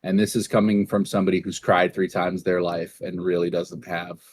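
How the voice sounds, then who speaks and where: A young man from Massachusetts rambles through a casual podcast chat in a lowish voice. He curses freely and gets animated when he acts out what people said to him. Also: fairly quick, dry recording. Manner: rambling, profane, animated in retold dialogue. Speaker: podcast co-host.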